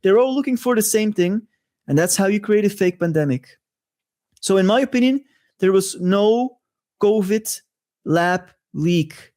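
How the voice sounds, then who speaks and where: A man's voice: sits high, animated, measured pace, a little mellow. A man hosting a monologue-style commentary show, talking in a conspiratorial way with rhetorical asides. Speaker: host.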